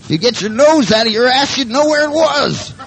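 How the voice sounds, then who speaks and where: An exasperated dog scolds its slow owner in a squeaky, nagging voice, swearing as it goes, as a man puts it on. The pitch leaps far above a normal speaking voice, and the lines swing widely up and down. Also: expressive, vocal fry, fairly bright tone, exaggerated voice.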